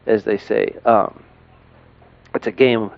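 A middle-aged man, a parent, talking casually and haltingly, with lots of fillers and restarts. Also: lowish voice, fairly even intonation, vocal fry, dry recording, highs cut off. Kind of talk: casual monologue to camera.

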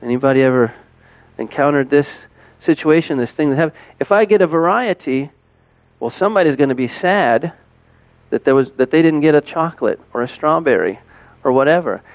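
A middle-aged man, a parent, talking casually and haltingly, with lots of fillers and restarts. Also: fairly high pitch, expressive, dry recording, lo-fi sound. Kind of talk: casual monologue to camera.

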